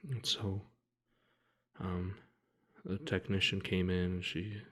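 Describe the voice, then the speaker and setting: A man telling a personal story to the camera in a quiet, heavy way, halting often and restarting his sentences. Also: low-pitched, little pitch movement. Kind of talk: personal account told to camera.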